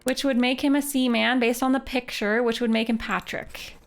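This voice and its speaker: A woman's voice: fairly high pitch, steady tone, normal speed. Woman streamer thinking aloud. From Canada. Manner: thinking aloud, playful self-talk. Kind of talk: live game stream commentary. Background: game music.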